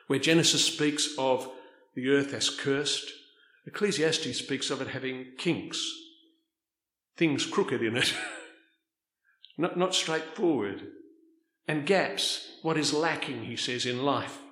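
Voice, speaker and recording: A man preaching a sermon, swinging between loud, stressed points and quiet, soft asides. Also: medium pitch, slow, long pauses, echoey room.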